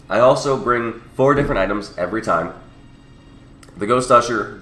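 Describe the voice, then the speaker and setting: A deep, fairly bright male voice sounds roomy, with a little hiss or hum in the background. It belongs to a young gaming channel host who is sick and sniffly with a cold, offering casual walkthrough commentary on a mobile game and correcting himself as he explains.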